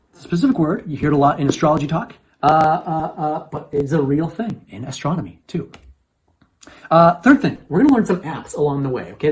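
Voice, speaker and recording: A man's voice: on the high side, darkish tone. Chatty man teaching astronomy live. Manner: chatty, repeats phrases, frequent "okay?" checks. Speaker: astronomy presenter. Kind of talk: casual livestream lesson.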